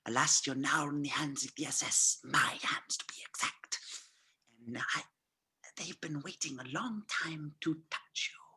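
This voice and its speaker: A suave, mocking Nazi colonel who draws out his words with theatrical menace, as an actor plays him. The voice is bright and edged, with a husky grain. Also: mid-range voice, expressive, normal speed. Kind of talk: amateur script reading.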